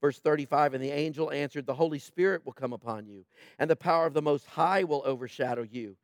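A man's voice: fairly high pitch, fast talker, no echo, clean studio sound. A man preaching a sermon in a conversational way, joking with people in the congregation. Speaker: pastor.

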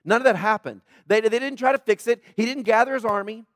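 High-voiced man preaching conversationally. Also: quick pace, no room sound, clean studio sound. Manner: conversational preaching, often asks "right?"; dramatic quoting of prayer in a raised voice. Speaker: pastor. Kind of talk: sermon.

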